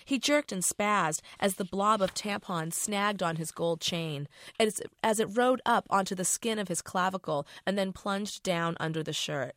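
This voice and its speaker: A woman's voice: mid-range voice, a little slow, few pauses, fairly bright tone, no echo. A middle-aged woman author reading her novel aloud in a casual, profane first-person voice.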